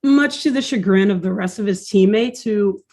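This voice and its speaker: A woman's voice: mid-range voice, normal speed, darkish tone. A woman co-hosting a podcast, recapping a cartoon episode in casual chat, swearing and laughing often.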